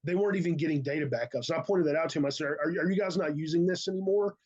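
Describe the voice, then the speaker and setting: A man on a call, talking eagerly and haltingly, often repeating words as he tells his story. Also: a little high, darkish tone, muffled recording. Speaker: call participant, IT business owner. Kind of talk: casual conversation.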